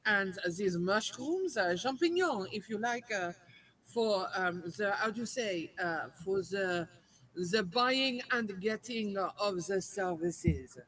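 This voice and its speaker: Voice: medium pitch, animated, slow, fairly bright tone, a little hiss or hum, low-quality recording. A player voicing a man posing as a New Yorker who speaks with a put-on French accent and keeps hesitating and fumbling for words.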